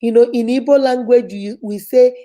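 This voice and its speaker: A woman's voice: a little high, fairly even intonation, moderate pace, dark tone. A woman giving a repetitive, emphatic motivational talk about self-help.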